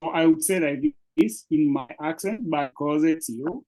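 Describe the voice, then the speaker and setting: A man's voice: on the high side, lively intonation, measured pace, few pauses, a little mellow, rough recording. A man with a Kenyan accent teaching Swahili, explaining words patiently and encouraging his student, with lots of fillers. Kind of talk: patient one-on-one language lesson.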